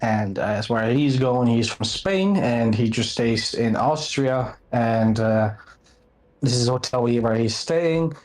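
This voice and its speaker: A man's voice: mid-range voice, expressive, slow pace, darkish tone. A man from the Netherlands with a Dutch accent, telling a rambling anecdote on a live stream in casual chat.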